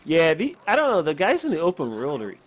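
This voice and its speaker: With a fairly high voice, huge pitch swings, and fast talk, a man runs through casual commentary on his gameplay. He rambles, chuckles, and swears freely, and there's noticeable noise in the background.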